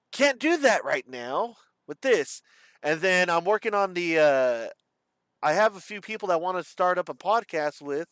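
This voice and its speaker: Rambling young man, halting speech. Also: a little high, a bit bright, smooth, dry recording. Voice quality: slight lisp or slur. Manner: rambling, halting, self-described stutter. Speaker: streamer. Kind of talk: casual vlog monologue.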